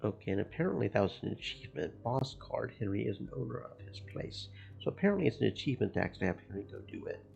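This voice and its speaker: A man streaming a game, reading its narration and chatting about it in an even, gravelly voice. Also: fairly low pitch, fast talker, hardly any pauses, faint music behind. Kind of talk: narrating a visual novel with commentary. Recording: muffled lo-fi stream audio.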